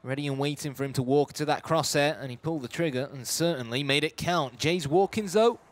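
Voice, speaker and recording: A man's voice: a little high, brisk. A man casting live esports play-by-play, building hype around each kill. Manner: excitable play-by-play, bursts of hype on kills.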